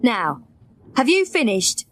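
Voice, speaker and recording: A woman's voice: a little high, very animated, takes it slowly, heavily acted. A woman voicing a bossy, impatient male manager of a pop star in a graded reader audiobook.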